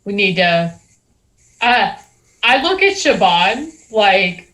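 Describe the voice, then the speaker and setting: A woman's voice: mid-range voice, very animated, slow pace, a bit bright, poor audio. A woman playing a tabletop game, chatty and asking practical questions. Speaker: player.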